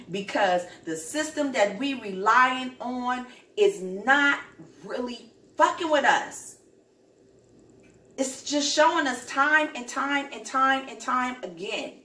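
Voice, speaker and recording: A woman's voice: fairly high pitch, fairly bright tone, echoey room, distant mic. A woman in her home kitchen, venting to her viewers in a blunt, profane, angry rant. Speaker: vlogger. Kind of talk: heated rant to camera.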